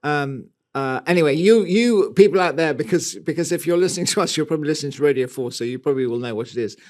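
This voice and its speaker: A middle-aged man speaks with a slightly higher-pitched voice in loose podcast chat. He hunts for words and fills gaps with ums and uhs. His talk is playful and unhurried. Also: darkish tone. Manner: scatty, hesitant, full of ums. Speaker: podcast co-host. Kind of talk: casual banter.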